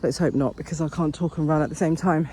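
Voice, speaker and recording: With a deep, husky, warm voice, a woman vlogger talks quickly and steadily while walking a path outdoors. She's earnest and encouraging in her casual walk-and-talk vlog, wandering off on small tangents along the way.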